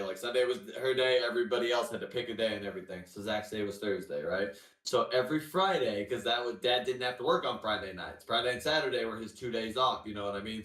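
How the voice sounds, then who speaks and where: Profane, animated man telling stories in an echoey room. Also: on the low side. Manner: animated, profane storyteller full of "like" fillers. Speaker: podcast co-host. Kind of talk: casual storytelling chat. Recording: echoey room, far from the mic.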